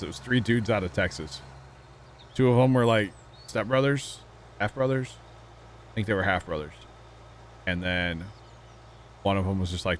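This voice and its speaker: A man's voice: sits low, a bit bright, a little hiss or hum. A man hosting a livestream, chatting casually and rambling to his viewers and co-host while playing a game. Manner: rambling, chatty, talks to chat, laughs often. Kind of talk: casual chat while gaming.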